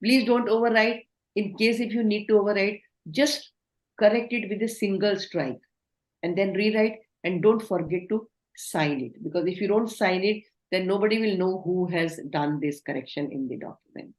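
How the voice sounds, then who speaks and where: A woman's voice: mid-range voice, moderate pace. A woman giving an online training lecture, instructive and asking the class questions. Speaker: communication trainer. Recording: roomy echo.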